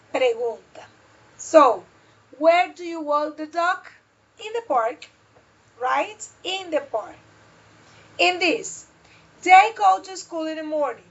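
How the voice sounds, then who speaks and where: High-voiced, slow-spoken woman teaching English. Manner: slow, drawn-out modelling of questions. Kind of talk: online English lesson. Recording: dull lo-fi audio.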